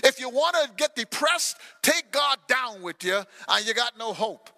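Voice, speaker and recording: A male pastor preaching a sermon with passion, swinging between loud shouted cries and quiet low asides. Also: lively intonation, normal speed, big-room sound, soft background music. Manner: impassioned preaching, shouts scripture lines. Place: church sanctuary.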